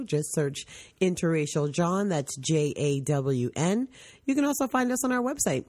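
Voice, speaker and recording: A woman with a deep, husky voice hosts a casual podcast. She is a little hoarse from a cold and talks in an upbeat, chatty way. The sound is dry and close. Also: darkish tone, dry recording. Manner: upbeat, chatty, spells things out. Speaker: podcast host.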